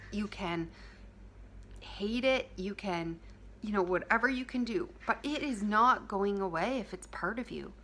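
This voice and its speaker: A woman giving a heartfelt self-help talk to her viewers, speaking softly and intimately, dropping at times to a whisper and repeating key phrases. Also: medium pitch, gravelly, slight background noise.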